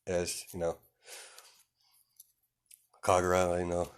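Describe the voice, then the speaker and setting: A young man with a fairly low voice makes up a fan story as he goes. He wanders through it with constant fillers and little chuckles. The delivery is loose and unscripted. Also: fairly even intonation, a little slow, pauses often. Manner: rambling, full of "you know" and "um", chuckling. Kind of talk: improvised fan fiction narration.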